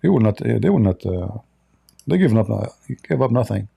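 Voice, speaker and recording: A man's voice: fairly low pitch, big pitch swings, fairly quick, vocal fry, mellow, husky. A man hosting a livestream of political commentary, blunt and opinionated, often restarting his sentences. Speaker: commentary channel host.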